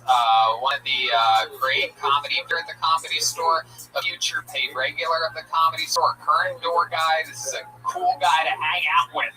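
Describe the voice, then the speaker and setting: Loud hype-man comedy club host. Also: a little high, steady tone, moderate pace, hardly any pauses, recorded from a distance, soft background music, poor audio. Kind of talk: emceeing a stand-up show.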